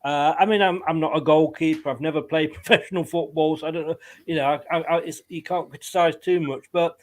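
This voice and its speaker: A man's voice: fairly high pitch, steady tone, fairly quick. A man co-hosting a casual football watchalong, joking, laughing between lines and restarting his sentences. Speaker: co-host.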